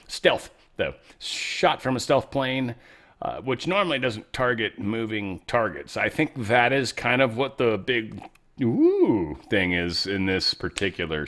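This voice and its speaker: A man's voice: mid-range voice, fairly bright tone. A man hosting casual political commentary, rambling and profane with sarcastic asides. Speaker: show host.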